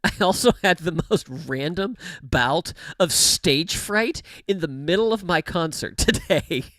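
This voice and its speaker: Casual livestream chat over a game comes from a host with an expressive, medium-pitched, fairly bright voice at a measured pace, recorded without echo. He laughs often, rambling with fillers and corrections into a studio microphone with a pop filter.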